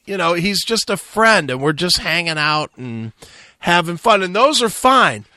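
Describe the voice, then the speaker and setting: A man's voice: high voice, big pitch swings, measured pace, bright, forceful tone, dry recording, clean studio sound. A man hosting a radio talk show, telling a long profane story and acting out the quotes. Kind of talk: casual storytelling.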